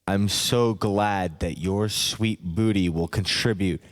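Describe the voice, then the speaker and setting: A man voicing a boastful, smug older male politician in a parody, with a slow, drawn-out delivery. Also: low-pitched, fairly even intonation. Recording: long hall reverb.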